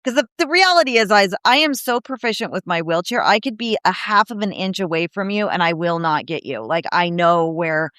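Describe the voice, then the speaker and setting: A woman guest on a podcast, speaking casually and telling animated stories, acting out the people she quotes, with frequent "you know, like" fillers. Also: on the low side, a little fast, hardly any pauses, dry recording, studio quality. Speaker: guest, disability advocate and speaker.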